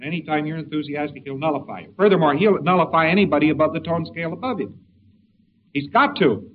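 A man giving a conversational lecture, halting and repeating words as he goes, on a lo-fi tape with faint hiss. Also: fairly high pitch.

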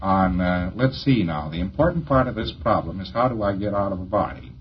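A man's voice: deep voice, animated, brisk. A man giving an informal lecture, rambling through homely examples and chuckling at his own jokes. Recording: dull lo-fi lecture tape with faint hiss.

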